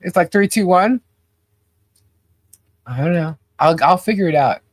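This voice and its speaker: Woman hosting a live chat stream, drawls along slow, greets folks by name, dry close sound. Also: fairly low pitch, animated, no room sound. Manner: chatty, greets viewers by name, laughs often. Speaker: podcast co-host. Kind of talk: casual livestream chat.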